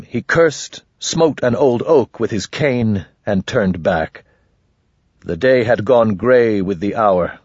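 Low, husky male audiobook narrator. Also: expressive, slow, a little mellow, no echo. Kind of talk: scripted fantasy narration. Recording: dull lo-fi audiobook recording, dry.

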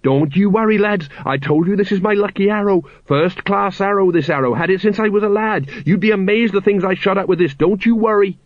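A man's voice: a little high, sing-song, a little slow, dry recording, heavily acted. Man playing a stout blustering sergeant, nervous under the bluster, raised voice, dry and slightly dull sound. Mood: nervous bravado. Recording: slightly muffled dry recording.

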